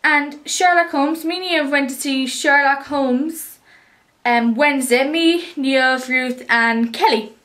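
A woman's voice: high-pitched, takes it slowly, fairly bright tone. A teenage girl with an Irish accent chatting to the camera in a casual, rambling and upbeat way. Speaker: vlogger.

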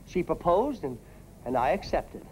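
A man's voice: on the high side, very animated, a little slow, mellow, a little hiss or hum, low-quality recording. An actor playing a flustered middle-aged father who stammers through his excuses, in 1950s sitcom style.

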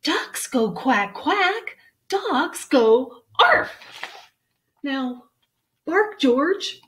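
A woman's voice: sits high, sing-song, very slow, a bit bright, a little hiss or hum, pitched above the performer's own voice, exaggerated voice. A woman voicing George's mother, an adult female dog who scolds insistently and sounds exasperated.

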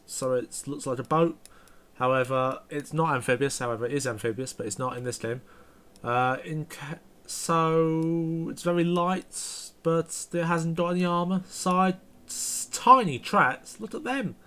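A man's voice: on the high side, bright, forceful tone. Rambling man reviewing a game. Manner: rambling, self-correcting. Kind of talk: gameplay commentary.

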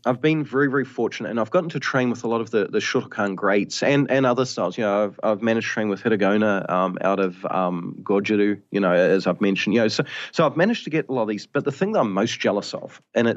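Low-voiced man on a dull line. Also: fast talker, hardly any pauses. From New Zealand. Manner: thoughtful, rambling, frequent "you know". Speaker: karate instructor guest. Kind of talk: casual podcast interview.

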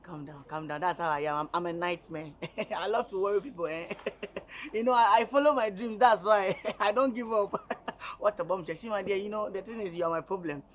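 A man's voice: high-pitched, normal speed, slight background noise, close to an everyday voice. An actor playing a cheeky young man who keeps pestering a woman, teasing and pushy, with a Nigerian accent, laughing as he talks.

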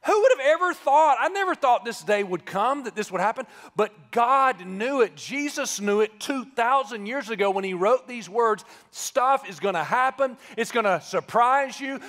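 A man preaching a live sermon as pastor, conversational and joking, then building to shouted emphasis. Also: extremely high pitch. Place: church sanctuary, live service. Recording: live church with long reverb.

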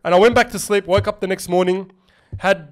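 This young adult man co-hosts a podcast and chats casually, telling stories animatedly and swearing heavily. His voice is high-pitched and a little fast.

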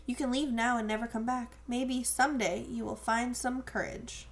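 A defiant teenage boy, read by a woman in an audiobook, earnest and insistent with a bitter edge. The voice is a bit high and gravelly. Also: steady tone, normal speed, close to an everyday voice. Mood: firm.

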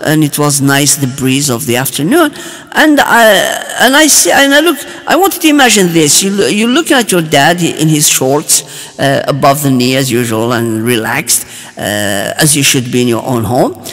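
A man telling a personal story as a testimony, in an animated way that keeps stopping to restart and chuckling as he goes. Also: fairly high pitch, moderate pace, in a large hall.

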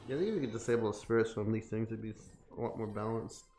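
A man's voice: fairly low pitch, fast, dark tone, slight background noise. A man playing a fighting game with a friend, grumbling with lots of fillers. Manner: complaining, hesitant with fillers. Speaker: co-player. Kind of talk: casual gaming chat. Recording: echoey room.

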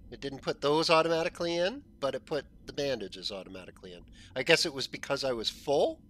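A man hosting a gaming channel, chatting casually as he plays, thinking aloud and often clearing a frog in his throat. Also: medium pitch, expressive, quick pace, fairly bright tone, slight background noise. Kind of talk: casual gameplay commentary.

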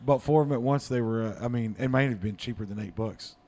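A man's voice: mid-range voice, fast talker, warm tone. A man hosting a podcast, rambling and swearing through casual banter in a garage. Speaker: podcast host. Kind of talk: casual chat.

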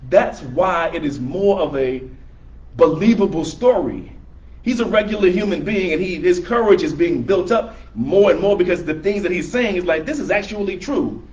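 A man leading a religious class, talking through verses in an easygoing, explanatory way and restating them in everyday words. His voice sits a little high for a man, and the camera audio is dull and lo-fi. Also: expressive, normal speed, a little mellow. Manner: conversational, rephrasing verses in plain words. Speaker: religious teacher. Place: room with a small audience, filmed by camera.

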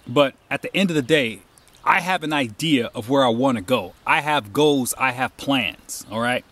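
Man, hiking vlog, outdoors, rambling storyteller, emphatic, mid pitch, handheld camera. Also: a bit bright. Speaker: hiker vlogger. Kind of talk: casual monologue while hiking. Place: outdoors on a trail.

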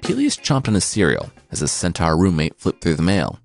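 A man narrating myths for a podcast with wry, deadpan asides. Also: deep voice, a little fast, creaky, faint music behind. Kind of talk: comic mythology storytelling.

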